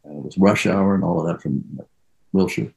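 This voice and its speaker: A man's voice: low-pitched, brisk, creaky, dark tone, a little hiss or hum, low-quality recording. An older actor being interviewed, telling rambling anecdotes and trailing off as he reminisces.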